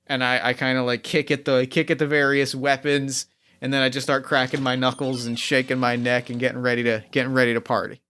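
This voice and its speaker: An eager man describes his character's wild actions in a tabletop game, often stumbling over repeated words. His voice is bright and smooth. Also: medium pitch, level tone, brisk. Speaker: player.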